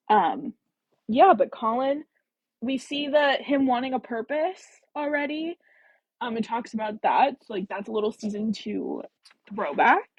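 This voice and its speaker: A woman hosts a casual book-chat livestream in a fairly high, slightly husky voice. She talks in an animated, chatty way and reacts to viewer comments as she goes. The sound is dry and close. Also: dry recording, poor audio. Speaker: book club host.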